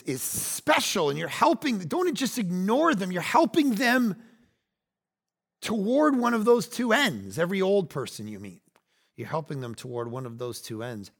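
A man in his forties preaching a sermon, animated, swinging between loud bursts and hushed asides. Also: mid-range voice, gravelly. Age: 40s. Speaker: pastor.

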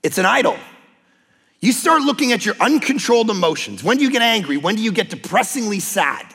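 A man preaching a sermon as a pastor, impassioned and emphatic, sometimes breaking into shouts. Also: high voice, very animated, quick pace, slightly rough, big-room sound. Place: church sanctuary.

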